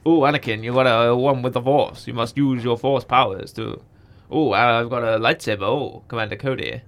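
A man doing an impression of a calm older male space knight mentor, drawn-out, sensual and louder than his usual talk. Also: mid-range voice, natural voice. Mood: suave.

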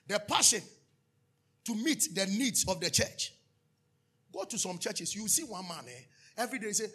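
Gravelly high-pitched preacher. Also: male voice, lively intonation, normal speed. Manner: preaching with sudden shouts and hushed asides. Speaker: pastor. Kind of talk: sermon.

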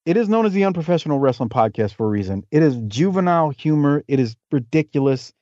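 A man's voice: on the high side, animated, quick pace, warm tone, no echo. Chatty man on dull lo-fi podcast audio. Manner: talkative, storytelling, jokey asides. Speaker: podcast guest, wrestling historian. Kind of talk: casual interview chat.

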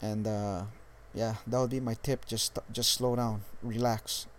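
A young man from Hawaii with a Californian accent, giving dating tips in a casual vlog monologue, laid-back and halting, swearing freely. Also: lowish voice, flat delivery. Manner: laid-back, profane, halting with many restarts. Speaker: dating coach vlogger.

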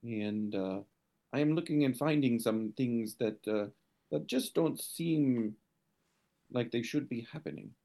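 A man role-playing his character in a tabletop game, speaking haltingly with many restarts. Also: medium pitch, creaky, dark tone.

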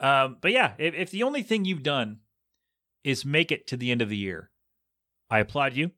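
Bright-voiced man rambling on his podcast. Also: medium pitch, animated, normal speed, dry recording, studio quality. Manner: chatty, jokey, rambling. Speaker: podcast host. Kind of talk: casual solo rambling.

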